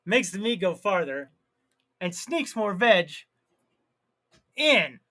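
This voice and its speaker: A man hosting a live stream, chatting casually, reading viewer comments aloud and laughing at his own jokes, with drawn-out words and sudden loud outbursts. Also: high voice, big pitch swings.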